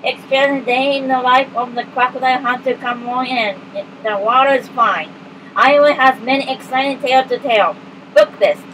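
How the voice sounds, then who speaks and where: A woman with a high, light voice reads book jacket blurbs aloud. Her reading is halting, with stumbles, restarts and misread words along the way. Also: fairly bright tone, slight background noise, low-quality recording.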